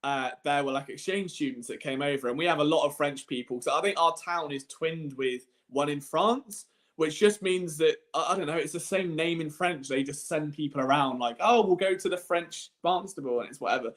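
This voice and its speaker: A man's voice: a little high, a little fast, fairly bright tone. A young man, co-hosting and telling self-mocking stories in casual chat. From England. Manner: self-deprecating storyteller, laughs often. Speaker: co-host.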